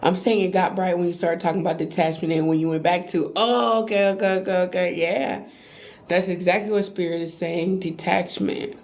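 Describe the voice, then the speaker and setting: A woman tarot reader chatting on a live stream, animated and playful, talking straight to her viewers. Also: fairly low pitch, a little fast. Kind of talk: live-stream spiritual reading chat.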